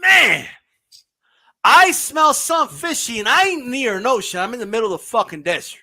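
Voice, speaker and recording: Loud, cursing man ranting on a podcast. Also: extremely high pitch, very animated, normal speed, vocal fry, no room sound, low-quality recording. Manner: profane, loud, mocking, often shouting. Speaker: boxing podcast host. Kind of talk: heated uncensored podcast rant.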